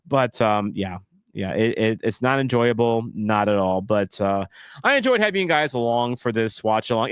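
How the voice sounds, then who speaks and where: A man's voice: mid-range voice, expressive, brisk, fairly bright tone, smooth, no room sound. A man hosting his fan channel, talking frankly and profanely in casual reaction chat, rambling and restarting his sentences. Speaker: channel host.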